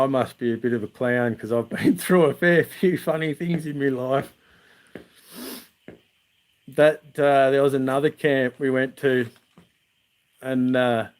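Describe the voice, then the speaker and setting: An Australian channel host chats on a livestream from outdoors at night, laughing his way through funny camp stories. His voice is mid-range with a clean tone.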